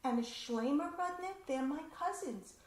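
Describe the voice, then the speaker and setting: A woman voicing an excited, hopeful Eastern European immigrant woman in a told story. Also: moderate pace. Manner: excited, pitched up. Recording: roomy community hall echo.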